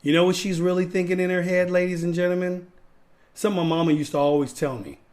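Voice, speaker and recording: A man's voice: sits high, fairly even intonation, fast talker, a little mellow. A man hosting a podcast, giving an emphatic, repetitive, preachy rant to his viewers. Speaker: podcast host. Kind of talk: ranting commentary.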